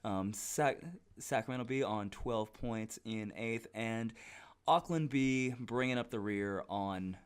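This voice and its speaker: A man's voice: on the low side, slow pace, clear, resonant tone. A man co-hosting a podcast, reading out standings bluntly, swearing and tripping over names. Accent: Australian. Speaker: podcast co-host.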